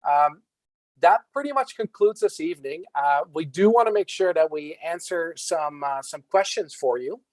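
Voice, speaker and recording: A man hosting an online volunteer event, reading out prize winners in a friendly, relaxed way. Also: a little high, moderate pace, no echo, low-quality recording. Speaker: event host.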